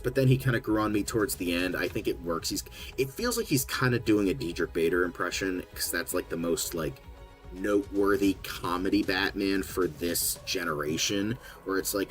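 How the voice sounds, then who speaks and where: A young man co-hosting a podcast chats casually and rambles, with plenty of fillers and restarts. His voice is fairly low in pitch and a bit bright, captured on a low-quality recording.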